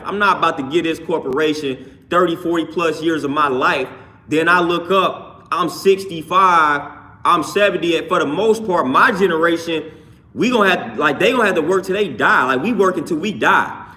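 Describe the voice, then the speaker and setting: A man's voice: high-pitched, sharp tone. A man hosting a livestream, talking to chat in a repetitive, preachy way. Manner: preachy, repeats phrases, greets chat by name. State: just worked out. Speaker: livestream host. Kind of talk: casual livestream talk reading chat.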